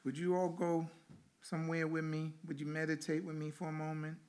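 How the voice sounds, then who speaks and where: A male reverend giving a sermon with a guided meditation at a spiritual center, speaking in slow, rhythmic lines with repeated phrases. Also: a little high, completely flat delivery, a little mellow.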